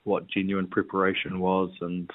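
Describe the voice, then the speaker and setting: A man's voice: low-pitched, completely flat delivery, normal speed, no echo. A man, a rugby player chatting as an interview guest, hesitant with many ums and restarts. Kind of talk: casual interview chat. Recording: tinny phone-line sound.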